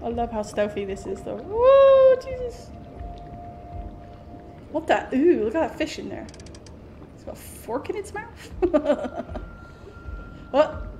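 Lady streaming a spooky game, high voice, yelps and chatters at the screen, faint game noise behind. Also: sing-song, measured pace, pauses often. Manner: jumpy, exclamatory, talks to the game. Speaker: gaming streamer. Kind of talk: let's play commentary.

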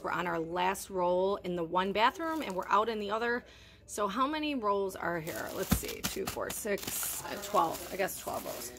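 A chatty woman in her thirties, talking casually to the camera from her home kitchen as she unpacks groceries. She sounds a little out of breath and keeps addressing her viewers as "you guys". A steady, clearly audible noise runs behind her voice. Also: medium pitch. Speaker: vlogger showing a grocery haul.

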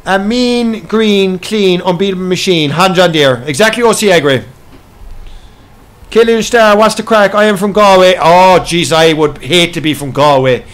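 Hosting a live stream of a farming game, an Irish man reads out the chat and slags his friends, laughing often amid the banter. His voice is high-pitched and fairly bright, moving at a moderate pace.

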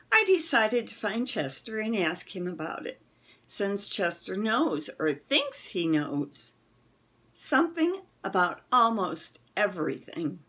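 Breathy woman reading a storybook aloud. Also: mid-range voice. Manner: expressive read-aloud with voiced characters. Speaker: reader. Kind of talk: reading a children's novel aloud.

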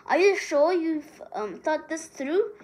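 A woman voicing an earnest, stubborn teenage boy wizard who speaks haltingly. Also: sits high, animated, a little mellow, a little hiss or hum, voice pushed up, poor audio.

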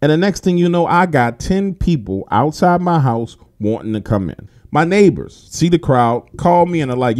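A man telling his own story in a casual, animated way, swearing freely and talking straight to his listeners. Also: on the high side, normal speed, hardly any pauses. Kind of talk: casual first-person storytelling.

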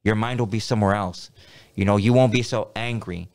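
Middle-aged male interview guest, lowish voice, slangy and rambling storyteller. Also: brisk, darkish tone. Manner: rambling, full of street slang and repeated words. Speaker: podcast guest.

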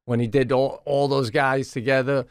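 A middle-aged man co-hosting a comedy podcast in casual chat, telling stories in an animated way, laughing often and swearing freely. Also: medium pitch, normal speed, dry recording, clean studio sound. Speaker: podcast co-host.

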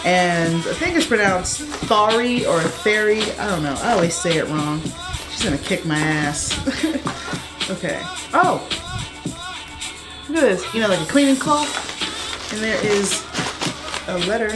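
A woman's voice: medium pitch, measured pace, long pauses, music in the background. A young woman in her studio apartment unboxing packages in a casual vlog, playful and slangy, sometimes breaking into song. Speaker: vlogger.

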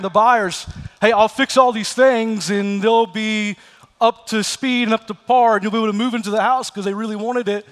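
This man's high-pitched, fairly bright voice carries a big-room sound. He is a pastor preaching in a church sanctuary, narrating stories and voicing the people in them.

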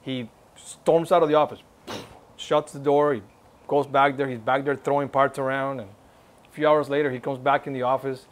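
A man's voice: mid-range voice, fairly even intonation, moderate pace. A man telling a personal testimony at a church service, reenacting the dialogue and urging listeners on earnestly. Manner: earnest, exhorting. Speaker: church speaker giving a testimony.

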